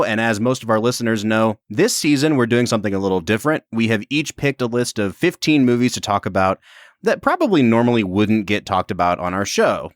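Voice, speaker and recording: A man's voice: on the low side, no room sound, clean studio sound. A man in his thirties co-hosting a podcast in casual, teasing chat. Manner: joking, teasing. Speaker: podcast co-host.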